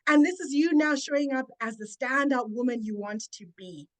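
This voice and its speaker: A woman who coaches public speaking, giving emphatic, deliberate advice as a podcast guest. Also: high voice.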